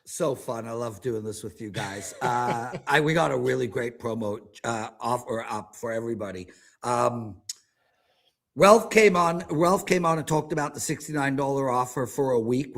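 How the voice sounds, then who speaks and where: A man in his fifties, a sports betting handicapper talking in an animated, ranting, exaggerated way during a casual chat. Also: mid-range voice. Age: 50s.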